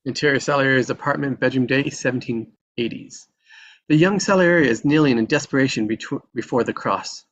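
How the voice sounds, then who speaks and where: A man's voice: medium pitch, brisk, a bit bright, muffled recording, a little hiss or hum. A man reading the stage directions in a table read, in a plain, matter-of-fact way.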